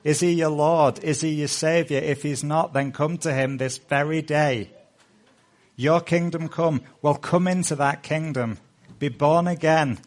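A middle-aged male pastor preaching a sermon with earnest, rising appeals, then leading a hushed prayer. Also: on the high side, fairly even intonation, unhurried.

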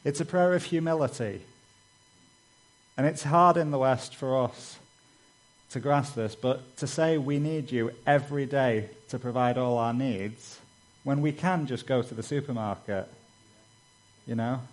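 Male preacher, mid-pitched, chatty sermon delivery with lively storytelling. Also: measured pace, poor audio. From Britain. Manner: conversational, frequent "you know" asides; acts out quoted dialogue with raised voice.

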